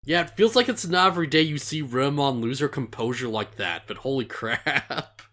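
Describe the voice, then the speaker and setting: With a sharp, mid-range voice moving fairly quickly, the man chats easily through an anime recap as a podcast co-host. Chuckles come often, and he keeps stumbling over names.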